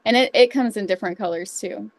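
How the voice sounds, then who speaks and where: A woman's voice: medium pitch, fast, gravelly. A woman co-hosting a casual chat who gushes enthusiastically about the designs. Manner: gushing, enthusiastic. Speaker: co-host.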